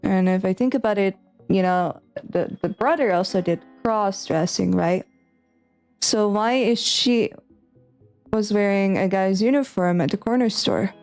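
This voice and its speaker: Slow-talking woman streamer, giggly asides. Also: mid-range voice, a little mellow, faint music behind. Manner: rambling, giggly, unsure asides. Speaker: game streamer. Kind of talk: playthrough commentary and reading aloud.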